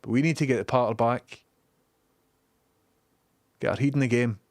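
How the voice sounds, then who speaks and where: A young man with a Scottish accent talks casually to his live-stream audience, joking around and reading viewer messages aloud. His voice sits at an ordinary middle pitch. The sound is close and dry, with no room around it. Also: normal speed, no room sound. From Scotland. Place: home studio room.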